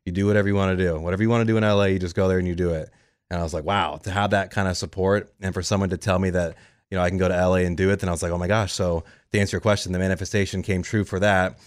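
A man in his thirties with a low voice tells his career story at a quick clip. He slips into animated voices when he quotes people. The sound is dry and close. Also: clear, resonant tone, no echo. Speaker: radio show cast member. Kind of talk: conversational storytelling.

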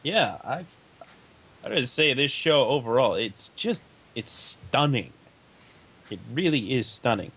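A man's voice: mid-range voice, animated, unhurried, a bit bright, breathy edge. A man co-hosting a casual anime review podcast, earnest and emphatic. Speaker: podcast co-host.

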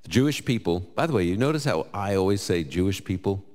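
A man from New York with a New York accent, answering audience Bible questions live in a conversational, lively way and quoting scripture. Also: low-pitched, quick pace, big-room sound. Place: large hall with live audience.

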